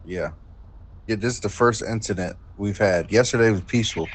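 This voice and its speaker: A man's voice: on the low side, normal speed. A man playing a police supervisor in a roleplay game, dry and dismissive. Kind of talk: in-character voice chat.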